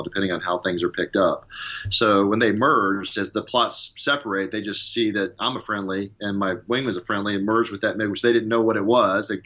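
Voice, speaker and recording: Man, lower voice, rapid and bright, ex-pilot telling a war story, lo-fi sound. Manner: fast, animated retelling with acted-out radio calls. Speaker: former fighter pilot. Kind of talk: casual storytelling in an interview.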